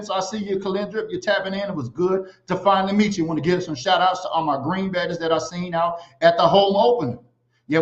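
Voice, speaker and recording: A man hosting a casual livestream, animated and giving shout-outs to viewers. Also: sits high. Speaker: livestream host. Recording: echoey, slightly dull sound.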